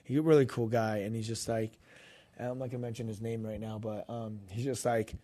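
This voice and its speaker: This man's voice is fairly low, level, brisk and mellow. A minister who co-hosts a faith podcast and is a grown pastor's kid, he tells a story in a relaxed chat, voicing the quoted lines himself.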